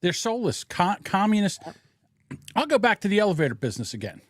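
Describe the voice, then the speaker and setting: Podcast host, male, pitch slightly high, very lively delivery, dry close mic, blunt and profane. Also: fast, no room sound. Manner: blunt, profane, animated storytelling. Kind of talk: casual political podcast commentary.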